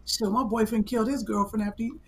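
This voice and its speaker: A woman's voice: a little high, fairly even intonation, quick pace, a little hiss or hum. A middle-aged woman co-hosting a comedy livestream, reacting bluntly and chatting casually. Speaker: comedy show co-host. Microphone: livestream microphone.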